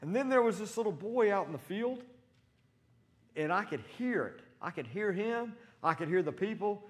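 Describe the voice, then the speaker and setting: Animated male preacher telling stories. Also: high-pitched, moderate pace. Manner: animated, acts out quotes with loud shouted voices. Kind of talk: sermon with storytelling. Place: church.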